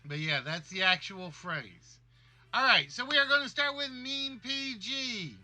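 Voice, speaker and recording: Jokey male livestream game host with a high, very bright voice. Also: lively intonation, unhurried, faint music behind. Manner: jokey, reads guesses aloud. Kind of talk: livestream game show hosting.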